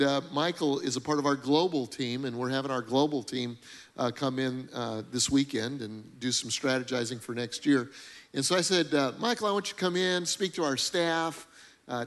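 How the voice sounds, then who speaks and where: A man's voice: medium pitch, fairly bright tone. A man, the church's senior pastor, introducing a guest preacher with enthusiasm from the stage.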